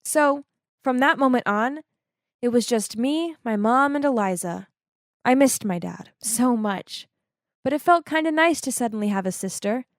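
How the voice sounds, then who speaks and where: A woman narrating an animated storytime in a dramatic, emotive way. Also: normal speed, dry recording, clean studio sound. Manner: emotive and dramatic, swings to high exclaims.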